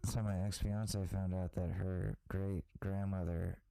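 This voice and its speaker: A man's voice: sits low, level tone, measured pace, vocal fry, a crowd in the background, rough recording. A man co-hosting a podcast in casual chat, riffing on jokes and absurd bits. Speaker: podcast co-host.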